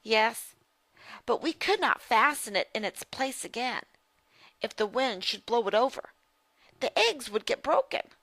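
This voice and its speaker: A sensible young boy who speaks calmly and warns gently, read by a woman in her own slightly raised voice. His tone is bright and unhurried in a storybook reading. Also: on the high side, no room sound, exaggerated voice. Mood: cautious.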